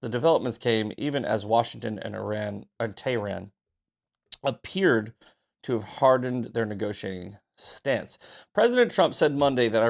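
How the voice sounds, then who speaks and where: A man's voice: mid-range voice, lively intonation, moderate pace, vocal fry. A man hosting a casual news commentary show, reading headlines with sarcastic, profane asides, just out of bed. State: just woke up. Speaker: host.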